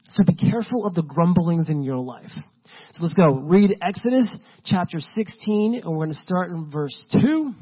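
A man delivers a sermon in a relaxed, chatty manner, peppering his points with fillers. His voice sits a little high and has a husky edge. The recording sounds dull and lo-fi. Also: normal speed. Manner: casual, conversational preaching with many fillers. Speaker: pastor.

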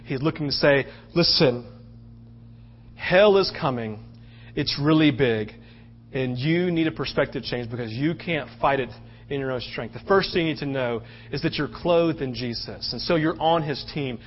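A man preaching a sermon as pastor, passionate and swinging between loud outbursts and hushed stretches. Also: mid-range voice, moderate pace, highs cut off, a little hiss or hum.

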